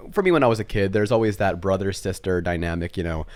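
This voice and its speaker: A young man co-hosting a podcast, telling a childhood story in a casual, animated, self-mocking way. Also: low voice, quick pace. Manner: animated, self-mocking storyteller who acts out family voices. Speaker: podcast co-host.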